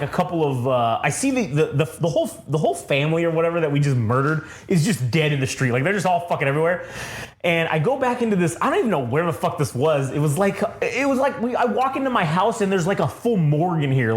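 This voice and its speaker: A man with a high voice spins a long, rambling story in casual podcast chat. He swears freely and keeps breaking into laughter. His voice echoes around a bare room. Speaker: podcast co-host.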